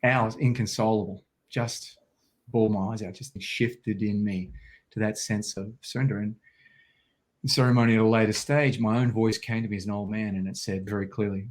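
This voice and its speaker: A man's voice: fairly low pitch, steady tone, moderate pace. An Australian man telling a personal story as an interview guest, vivid and intense, acting out quotes.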